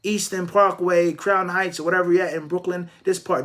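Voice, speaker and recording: A man with a fairly high voice answers viewers' religious questions in a live Q&A. He explains step by step and drops in Arabic phrases. When he makes a point he presses it with one rhetorical question after another. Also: moderate pace, few pauses, a bit bright. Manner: emphatic, stacking rhetorical questions.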